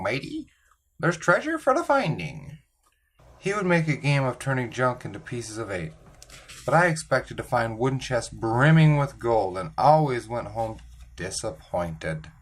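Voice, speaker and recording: A man reads a chapter of a children's novel aloud, unhurried and even. His voice sits at an ordinary middle pitch, and he tells the story in a plain, measured way without theatrics. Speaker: audiobook reader. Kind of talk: scripted narration of a children's novel.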